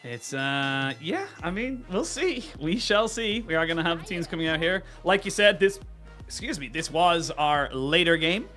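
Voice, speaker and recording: A man's voice: on the high side, lively intonation, moderate pace, pushed and bright, faint music behind. A man casting a live esports broadcast, chatting and joking with his co-caster and thanking the viewers. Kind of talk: casual live esports commentary.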